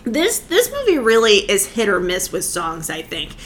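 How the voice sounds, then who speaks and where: A woman's voice: mid-range voice, wildly swooping pitch, moderate pace, slight background noise. A woman co-hosting a podcast, chatting casually and enthusiastically about a film, laughing often and restarting her sentences. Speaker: podcast co-host. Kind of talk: casual film discussion chat.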